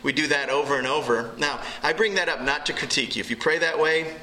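A man preaching a sermon and leading prayer in church, earnest and pausing often as he restarts phrases. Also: a little high, bright, forceful tone, slight background noise, rough recording. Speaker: pastor. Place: church hall.

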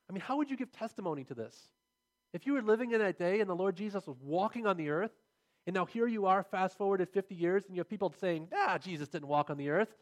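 A man preaching a sermon, earnest and building to emphatic, repeated phrases as he drives his points home. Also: high voice.

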